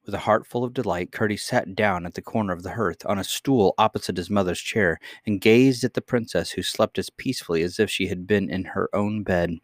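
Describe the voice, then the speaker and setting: Calm low-voiced male storyteller. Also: fairly quick, few pauses, no room sound, clean studio sound. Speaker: narrator. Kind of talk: reading a children's storybook aloud.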